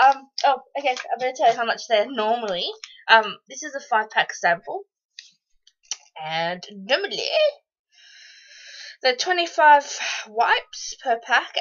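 An Australian woman chatting casually through a beauty box unboxing, excitable and rambling, with lots of ums and happy squeals. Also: medium pitch, highs cut off. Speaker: beauty vlogger.

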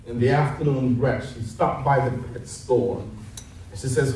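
A man preaching a sermon, telling a funny story in an animated, playful way. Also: mid-range voice, unhurried, slight background noise. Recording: echoey hall heard from a distance.

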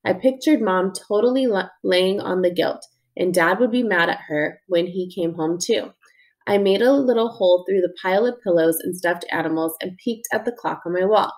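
A woman's voice: fairly low pitch, normal speed, a little mellow. A woman narrating an audiobook in the first person as a young boy, plain and earnest.

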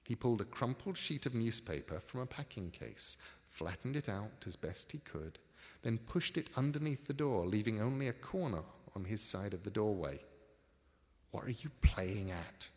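A man reads his own book aloud at a live event, measured and expressive. His low voice moves in lively curves and carries the long echo of a large hall. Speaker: author reading his book. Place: book signing tour venue. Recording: live reading in a reverberant hall.

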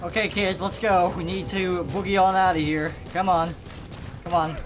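A gamer narrates their own play in an excitable, swear-laden running commentary that often bursts into yelling. The voice sits in a middle pitch range. The recording carries a steady layer of noise under the game sound. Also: normal speed. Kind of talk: gameplay commentary.

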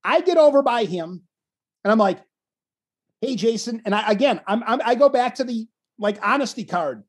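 Animated storytelling sportscaster man, husky. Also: extremely high pitch, a little fast. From Wisconsin. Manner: animated storyteller, acts out quotes. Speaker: wrestling commentator, guest. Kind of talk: casual storytelling interview.

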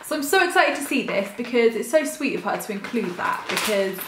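A woman chatting excitedly through an unboxing vlog, gushing over each item in a quick, casual way. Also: a little high, noisy background. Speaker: YouTube vlogger. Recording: roomy echo.

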